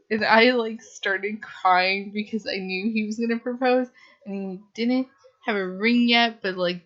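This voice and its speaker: A woman's voice: mid-range voice, sharp tone, muffled recording. A woman reviewing a book in a casual, gushing way, full of "like" and "um" fillers.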